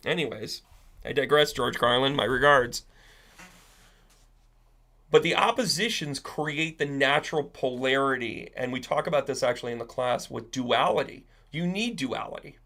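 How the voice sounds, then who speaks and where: A chatty man hosting an astrology and tarot live stream. His voice has a gravelly, rough edge, and he keeps a medium pitch. He rambles from topic to topic, answers viewers by name, and tags his points with "right?". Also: normal speed, pushed and bright. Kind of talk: casual live-stream chat.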